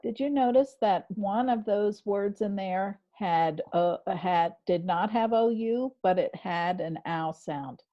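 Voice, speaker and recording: A woman's voice: mid-range voice, slow pace, few pauses, dull audio. A woman teacher leading an online spelling lesson, patient and encouraging as she talks through what she does on screen. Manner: patient, encouraging, narrates her screen actions. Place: home, on a video call. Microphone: video call.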